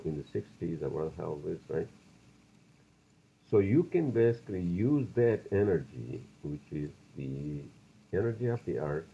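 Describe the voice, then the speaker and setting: A man's voice: sits low, vocal fry, breathy edge, highs cut off. A man hosting a solo podcast, talking bluntly and profanely in a loose, ranting way. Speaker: podcast host.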